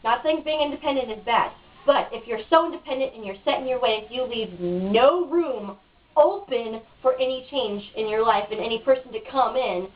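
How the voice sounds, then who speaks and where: High-voiced woman ranting, lo-fi recording. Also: normal speed. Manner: frustrated, ranting, cynical. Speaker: interviewee. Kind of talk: casual home video interview. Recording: dull lo-fi, mic at a distance.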